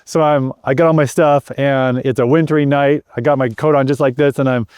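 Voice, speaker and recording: A man's voice: mid-range voice, steady tone, a little fast, darkish tone, clear, resonant tone, no echo, clean studio sound. A middle-aged man earnestly telling a personal story as an interview guest, often repeating words and restarting his sentences. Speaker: guest sharing a personal testimony.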